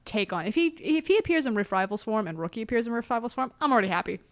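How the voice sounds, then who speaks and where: A woman co-hosting a podcast in casual chat, lively and opinionated, with quick jokes. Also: on the high side. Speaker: esports podcast co-host.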